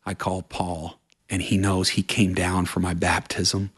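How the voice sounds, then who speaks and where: A man's voice: deep voice, little pitch movement, measured pace, a bit bright, breathy edge. A man from Vermont, a country singer, telling his life story earnestly in a casual interview, words tumbling out in long run-on sentences. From Vermont, USA.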